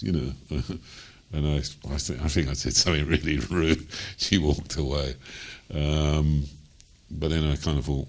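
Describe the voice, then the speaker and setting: A rumbling low male voice, steady in tone and moderate in pace, belongs to an older Cockney jazz singer from London. In interview storytelling, he wanders through memories of his life with lots of ums and you-knows, laughing softly as he goes.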